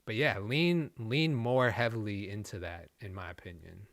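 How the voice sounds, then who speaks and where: A man's voice: lowish voice, normal speed, a bit bright, dry recording, studio quality. A man hosting a live music review stream, talking casually and frankly, laughing easily and addressing his chat. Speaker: host reviewing submitted music.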